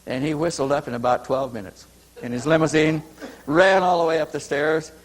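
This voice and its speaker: Speaking briskly in a fairly high, steady voice, a man in a conference hall rambles through a long personal anecdote, often restarting sentences and repeating words. The recording is rough.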